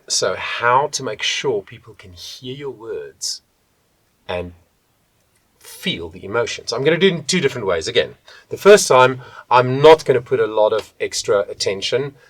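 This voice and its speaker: A man teaching a voice lesson as a vocal coach, talking in a deliberate, emphatic way and stressing key words. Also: on the low side, fairly bright tone, no room sound. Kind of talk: video voice lesson.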